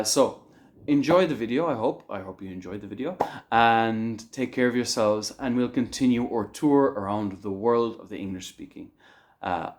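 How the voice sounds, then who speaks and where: A man teaching an online English lesson on slang, lively and chuckling as he explains words. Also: lowish voice. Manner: lively, acts out example phrases with chuckles.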